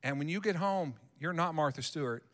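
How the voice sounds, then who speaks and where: A male pastor preaching a sermon in a church sanctuary, animated and emphatic, acting out what people say. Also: on the high side, brisk, long reverb tail.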